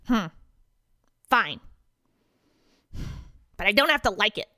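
A contrary pizza delivery man, as a woman plays him, grumbling and refusing at every turn. The voice is bright and lively, recorded dry and close. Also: medium pitch, slow pace, no room sound, heavily acted. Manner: stubborn, grumbling.

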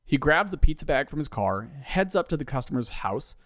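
A man's voice: fairly high pitch, big pitch swings, a little fast, fairly bright tone, dry recording. A man narrating a comedy story in a dry, wry storytelling manner.

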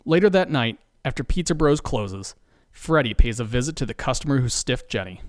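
A man narrating a comedic story in a playful, deadpan way. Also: mid-range voice, fairly quick, dry recording, studio quality.

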